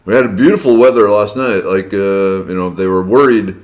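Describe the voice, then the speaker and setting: Low-voiced male stream host, a bit hoarse, friendly and chatty, greeting viewers from home. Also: a little fast, a little mellow. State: slightly hoarse from a long day of loud speaking. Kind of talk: casual live-stream chat greeting viewers. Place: indoors at his home.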